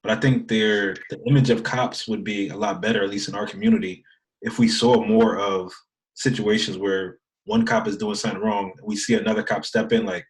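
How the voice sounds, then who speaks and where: Podcast co-host, lowish voice, measured and probing in casual chat. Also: male voice.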